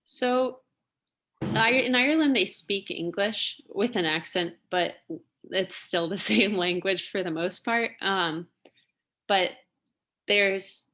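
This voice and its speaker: A young woman telling stories in a casual interview, chatty and quick to laugh, with plenty of fillers. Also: medium pitch, a bit bright. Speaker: interview guest, singer and lawyer.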